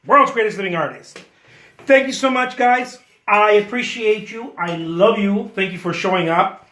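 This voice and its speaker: Playful, high-voiced artist chatting while painting. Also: male voice, expressive, slow pace, bright, forceful tone, roomy sound. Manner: playful, self-mocking boasts; chatty, thanks viewers by name. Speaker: artist painting live for viewers. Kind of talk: casual live-stream chat while painting.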